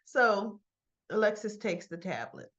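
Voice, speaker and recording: A woman with a mid-range, very animated voice and fairly bright tone speaks at a measured pace, recapping soap opera episodes at home with her dog. She rambles chattily, often checking in with "right?", and the sound is slightly dull and lo-fi.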